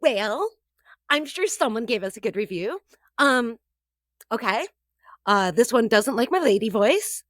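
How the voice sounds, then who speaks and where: Female radio co-host, bright high voice, dry close sound, comedic banter. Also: measured pace, long pauses, dry recording. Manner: playful, deadpan jokes. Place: radio studio.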